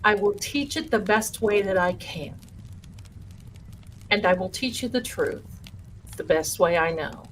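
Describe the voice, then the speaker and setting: A folksy woman hosts a live stream from home and chats with viewers she calls her darlings. She speaks at an unhurried, drawn-out pace, and faint room ambience sits behind her voice. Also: medium pitch, expressive, a little hiss or hum, poor audio. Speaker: livestream host and spiritual teacher.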